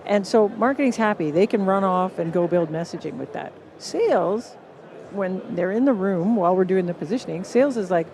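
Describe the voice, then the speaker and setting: A woman with a Canadian accent, a guest on a live podcast at a conference stage, explaining with lively acted-out quotes. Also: medium pitch, a little fast, a little hiss or hum. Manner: animated, acts out what others say. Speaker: guest author.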